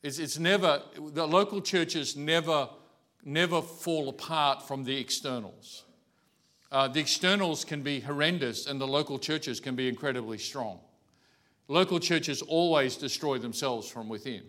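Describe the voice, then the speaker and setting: A man's voice: a little high, a little slow. A man preaching a morning sermon in a conversational way, often restarting his sentences. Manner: conversational preaching with many restarts, softening to a quiet storytelling voice. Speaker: pastor.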